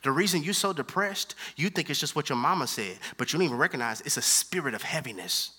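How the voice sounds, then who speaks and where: A man preaching a sermon, animated, moving from hushed asides to loud emphatic lines and using casual slang. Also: on the high side, fast, slightly rough.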